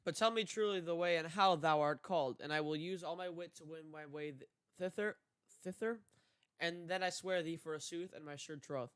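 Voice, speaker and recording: A man's voice: on the high side, fairly even intonation, fairly bright tone, clean tone, lightly acted. A young man reading aloud the lines of a courteous young knight in archaic speech, with hesitations. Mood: earnest. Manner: archaic formal speech, read haltingly.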